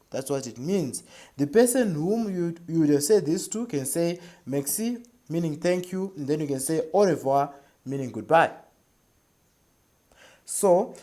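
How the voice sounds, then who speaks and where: Mellow-voiced teacher explaining beginner French. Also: medium pitch. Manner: repeats each phrase and checks in with "right?". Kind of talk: beginner language lesson.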